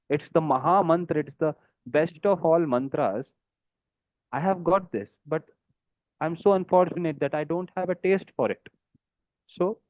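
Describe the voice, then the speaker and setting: A man delivers a devotional lecture in a somewhat high voice, earnest and pleading. The sound is dry and narrow, like a phone line. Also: no room sound. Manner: earnest, pleading tone, quotes Sanskrit verses.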